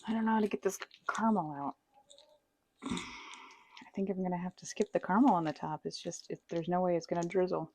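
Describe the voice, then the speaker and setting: A woman's voice: lowish voice, steady tone, fairly quick, long pauses, a little mellow, no room sound. A woman baking at home who chats while she decorates a cake. She pokes fun at herself and laughs often. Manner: chatty, self-deprecating, laughs often. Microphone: wireless microphone.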